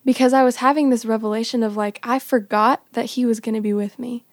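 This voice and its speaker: A young woman telling a personal story casually on a podcast, animated and often dropping to a whisper. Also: a little high, fast talker, no room sound. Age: young adult. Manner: animated, often drops to a whisper when quoting. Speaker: podcast guest.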